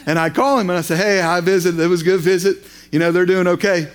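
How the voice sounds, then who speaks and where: Brief: male lay preacher, high voice, sermon delivery, repeats lines for emphasis. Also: fairly even intonation, fast talker, smooth. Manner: repetitive, building emphasis, folksy asides.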